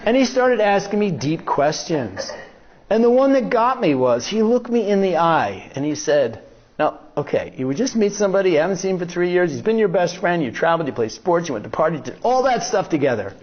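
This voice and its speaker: A man's voice: high voice, a little fast, lo-fi sound. An older American man giving a talk, telling a joking story and acting out the dialogue. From United States. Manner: animated, joking, acts out dialogue. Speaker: guest speaker. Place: lecture hall.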